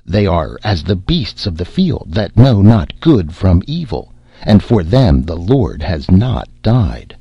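A man's voice: sits low, very animated, slow, husky, no room sound, highs cut off, exaggerated voice. A man voicing a stern, zealous old priest who rebukes in thundering archaic speech. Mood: rebuking.

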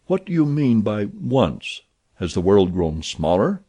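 A man voicing an excited, incredulous gentleman who argues eagerly at a card table. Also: fairly low pitch, measured pace, heavily acted. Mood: arguing. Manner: eager, raised and insistent.

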